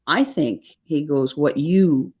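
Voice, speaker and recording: A woman's voice: low voice, slow, darkish tone, slightly rough. Woman, podcast guest, loose chatty storyteller, dull lo-fi recording. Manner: rambling, checks in with "right?". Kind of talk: casual storytelling.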